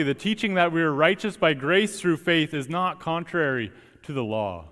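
Young male student preacher, slightly higher voice, earnest and emphatic, long church reverb. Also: animated, moderate pace, fairly bright tone. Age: young adult. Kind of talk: sermon. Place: church sanctuary.

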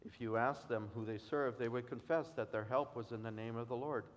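A man preaching a sermon in an earnest, measured way, asking his listeners questions. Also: mid-range voice, fairly even intonation. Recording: long hall reverb.

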